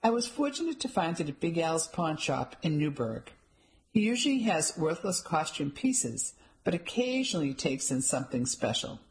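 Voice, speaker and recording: A woman's voice: low voice, very animated, normal speed, darkish tone, rough recording. A woman voicing a haughty, gossipy woman who runs a jewelry shop, talking indignantly. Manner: indignant, plowing ahead.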